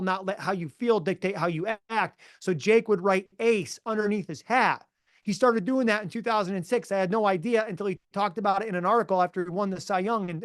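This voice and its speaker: Man, mental performance coach, energetic, emphatic, slightly high voice, dry close sound. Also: no echo. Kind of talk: podcast interview storytelling.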